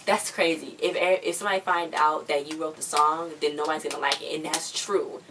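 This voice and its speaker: A woman with a low voice chats her way through a TV episode recap, slangy and animated in her retellings. She sits a little away from the mic, and a faint background hiss runs under her. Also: fairly quick, recorded from a distance. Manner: chatty, slangy, acts out quotes. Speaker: show recap vlogger. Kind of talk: casual show recap.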